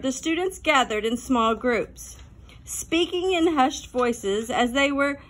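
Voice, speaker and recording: A woman reading a children's chapter book aloud as narrator, in a clear, even manner. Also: high-pitched. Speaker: audiobook narrator. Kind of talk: storybook narration.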